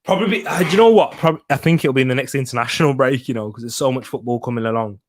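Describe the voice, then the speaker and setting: A man's voice: mid-range voice, racing. A young man hosting a live football watch-along from a home setup, chatting upbeat with his viewers and laughing often.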